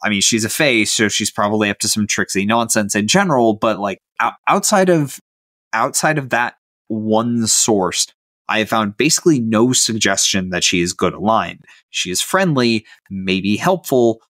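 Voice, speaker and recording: A man's voice: fairly low pitch, animated, moderate pace, a bit bright, dry recording, clean studio sound. A man co-hosting a podcast in casual chat, amused and chatty. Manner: chatty, amused, many "like" fillers. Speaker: podcast co-host.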